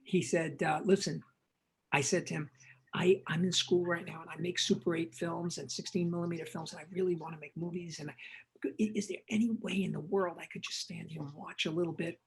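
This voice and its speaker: An older man, a film director guest in an interview, telling animated anecdotes and acting out what people said. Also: fairly high pitch, a little fast, gravelly, slightly rough, poor audio. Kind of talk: casual storytelling interview.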